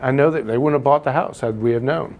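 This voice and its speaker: A man teaching a live real estate class, telling stories and teasing the room. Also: mid-range voice. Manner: animated storyteller, teasing, quick asides. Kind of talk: live class lecture with anecdotes.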